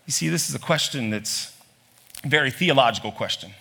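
Male pastor mid-sermon, bright, forceful tone, heavy on rhetorical questions. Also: a little fast, creaky, husky. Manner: lively preaching, voice climbing high on emphatic lines; asks many rhetorical questions. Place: church hall.

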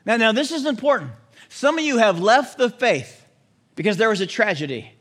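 A man preaching a sermon, animated, swinging between loud emphasis and hushed drops. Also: high-pitched, moderate pace. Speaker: pastor.

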